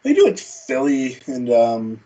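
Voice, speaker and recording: A man's voice: medium pitch, huge pitch swings, a little slow, dark tone, poor audio. A man co-hosting a casual baseball watch-party stream, laid-back, laughing easily and trailing off. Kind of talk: casual chat.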